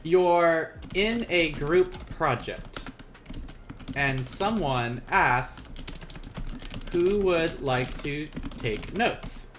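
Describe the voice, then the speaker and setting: Animated, chatty man teaching a live lesson. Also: a little high, a little hiss or hum. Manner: chatty, self-correcting, quick to laugh. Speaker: Japanese teacher. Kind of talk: live-streamed beginner language lesson.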